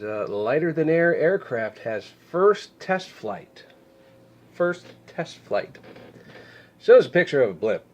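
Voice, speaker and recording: A man recovering from a head cold, stuffed up and clearing his throat, giving sarcastic, rambling commentary on news stories. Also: medium pitch, darkish tone, lo-fi sound. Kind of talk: casual deadpan news commentary.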